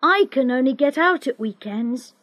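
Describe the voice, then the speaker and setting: A woman reading the lines of a quiet, serious schoolboy in a storybook, soft and guarded. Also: high voice, expressive, normal speed, no room sound. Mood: eager.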